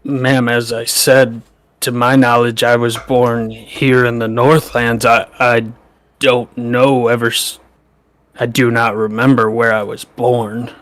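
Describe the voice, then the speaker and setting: A man's voice: medium pitch, level tone, measured pace, a bit bright, clean tone, no echo, lightly acted. A man voicing a half-orc man with a slight twang, who speaks politely and formally.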